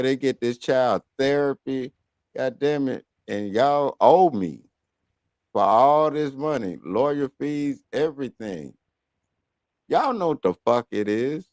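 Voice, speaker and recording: A man hosting talk radio in a heated, cursing rant, swinging between loud outbursts and low grumbles. His voice sits at an ordinary middle pitch. The sound is dry and close, with no room echo. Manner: heated, cursing, blunt storytelling. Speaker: radio show host. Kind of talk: profane casual rant.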